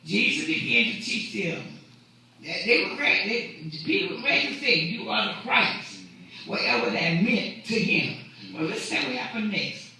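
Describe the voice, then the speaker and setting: A man's voice: sits high, sing-song, moderate pace, sharp tone, very echoey, recorded from a distance, low-quality recording. A man preaching a sermon in a conversational way, often repeating and restarting his words, recorded in a church. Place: church sanctuary.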